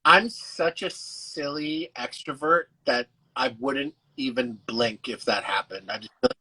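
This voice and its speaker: A young adult man, a guest chatting casually on a live video call, laid-back and quick to swear. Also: medium pitch, sharp tone, breathy edge, poor audio. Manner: laid-back, swears freely, laughs often. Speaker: actor and guest.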